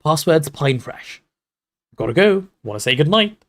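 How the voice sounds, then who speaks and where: A man's voice: a little high, very animated, unhurried, a bit bright, heavily acted. A man voicing a friendly teenage boy wizard with a breezy, confiding manner, in a book read aloud on a livestream.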